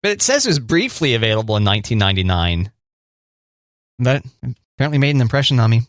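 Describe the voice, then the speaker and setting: Male radio co-host, playful and teasing, mid pitch, dry booth sound. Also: big pitch swings, quick pace, no echo. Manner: playful, teasing quiz-style questions. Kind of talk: casual banter.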